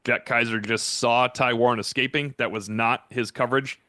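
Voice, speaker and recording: Male football analyst, bright forceful tone, dry close sound, rambling. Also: mid-range voice, fairly even intonation, normal speed, dry recording. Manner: rambling film breakdown. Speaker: sports analyst. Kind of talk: casual sports talk.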